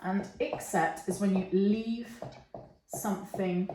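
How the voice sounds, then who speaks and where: Slow, patient woman teaching. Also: medium pitch, steady tone, dark tone. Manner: patient, checks in with okay and yeah. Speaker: English teacher. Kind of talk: online English lesson. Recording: echoey room.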